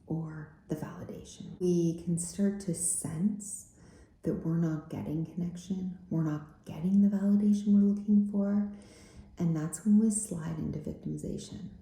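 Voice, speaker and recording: A woman healing coach giving an earnest self-help talk, repeating her points and often dropping to a breathy near-whisper. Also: low-pitched, warm tone. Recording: very echoey room.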